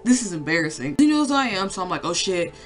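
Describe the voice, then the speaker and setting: A woman's voice: on the low side, very animated, fast talker, soft background music. Rambling, swearing young woman vlogger. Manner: rambling, swears a lot, many fillers. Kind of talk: casual storytime.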